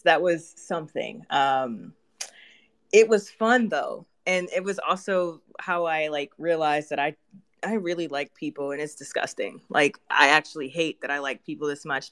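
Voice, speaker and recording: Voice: mid-range voice, fairly bright tone. An artist guest in a casual interview, talking candidly and laughing often.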